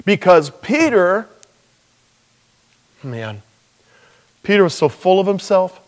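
A man's voice: a little high, a little mellow, long reverb tail. A man preaching a sermon in a humorous, conversational storytelling way, acting out quoted dialogue.

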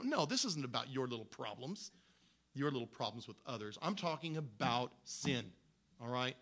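A man's voice: mid-range voice, a bit bright. A man preaching a sermon in a conversational, storytelling way, with frequent restarts. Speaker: pastor.

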